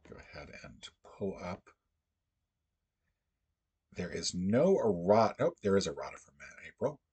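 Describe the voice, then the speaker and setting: A man hosting a casual livestream, thinking aloud in a halting, musing way as he works through puzzles. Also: low-pitched, sing-song, a little mellow, slightly rough.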